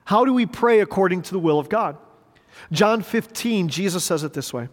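A middle-aged male pastor delivers a sermon in a church sanctuary, his voice pitched high for a man. He preaches in a conversational way, repeating words and asking the congregation rhetorical questions. Long reverb from the big room trails after each phrase. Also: expressive, normal speed.

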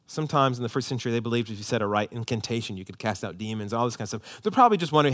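A man preaching a sermon as pastor, impassioned and emphatic, rising to loud peaks. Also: medium pitch, lively intonation, very fast, few pauses.

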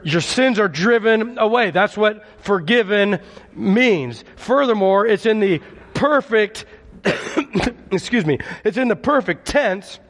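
A man's voice: high voice, fairly bright tone, in a large hall. A male pastor preaching a conversational sermon and calling on his congregation for responses. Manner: conversational, calls for audience response.

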